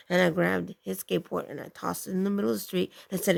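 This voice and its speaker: A woman's voice: mid-range voice, flat delivery, quick pace, creaky, hardly any pauses. A woman vlogger casually telling a personal story to camera, rambling with restarts and acting out what people said. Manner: rambling, with many restarts and acted-out quotes.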